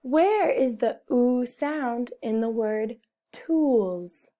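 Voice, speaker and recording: Speaking very slowly in a mellow voice on the high side, a woman teaches phonics to little children as a first-grade teacher. She over-enunciates and repeats every word as she sounds it out.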